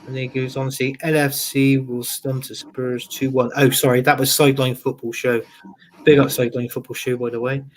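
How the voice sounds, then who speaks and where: A man's voice: medium pitch, little pitch movement, fairly quick, a little hiss or hum. A man hosts a football show, reading out viewer comments. He keeps it loose and chatty and laughs often. He repeats his phrases as he goes. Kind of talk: casual live-stream chat, reading viewer comments.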